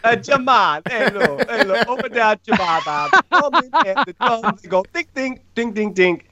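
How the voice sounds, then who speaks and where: A man doing an exaggerated put-on Jamaican accent for a loud, cheerful figure, high and sing-song. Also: expressive, normal speed, crowd noise. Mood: goofy.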